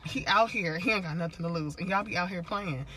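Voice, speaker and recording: A woman's voice: on the low side, fast talker, slight background noise. A woman telling a story in casual chat, acting out the people in it with shifting voices. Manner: animated, acts out quotes in shifting voices.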